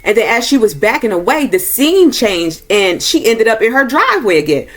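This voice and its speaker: A woman's voice: very animated, normal speed, fairly bright tone. A woman giving a casual, informal movie review, talking loosely and acting out characters' lines in a raised voice. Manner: informal, uses y'all, acts out quoted lines with rising pitch. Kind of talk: casual plot recap and review.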